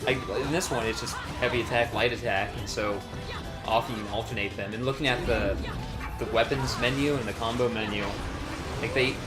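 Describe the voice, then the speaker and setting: Male let's play co-host, mid-range voice, relaxed and self-amused, game music in the background. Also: medium pitch, brisk. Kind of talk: casual post-game commentary chat.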